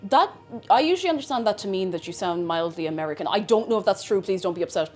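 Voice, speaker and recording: Irish woman streaming while cooking, rambly and chatty, pitch all over the place, quiet music in the background. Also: lively intonation, quick pace. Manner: rambling, chatty, self-interrupting. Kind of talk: casual chat while cooking.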